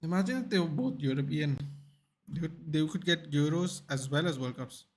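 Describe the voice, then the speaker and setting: Hosting a live football watchalong, a young man with a fairly high voice speaks at a normal speed. He chats with his audience in an animated way, responding to the game and going through the chat.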